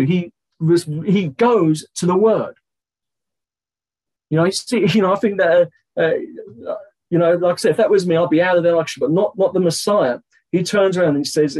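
Husky high-voiced male Bible teacher. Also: darkish tone, poor audio. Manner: conversational, many "you know" fillers, slows down to read scripture aloud.

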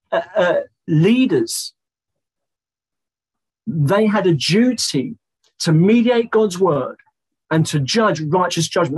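A man teaching through a Bible passage verse by verse, talking conversationally with many fillers and slowing down to read scripture aloud. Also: high-pitched, a little mellow, slightly rough, rough recording.

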